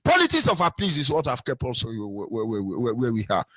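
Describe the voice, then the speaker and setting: A man's voice: mid-range voice, wildly swooping pitch, brisk, fairly bright tone, no room sound. An older man with a Nigerian accent, delivering an impassioned political monologue with emphatic repetition and sing-song rises. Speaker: political commentator.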